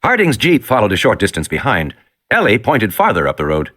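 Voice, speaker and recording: A man reading an audiobook in an expressive, dramatic narration. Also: medium pitch, fairly quick.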